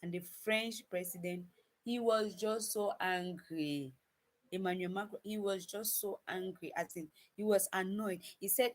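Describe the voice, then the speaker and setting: At a medium pitch and moderate pace, a woman talks casually to her viewers, whom she calls "guys." Her delivery is emphatic and repetitive, with frequent restarts and stumbles.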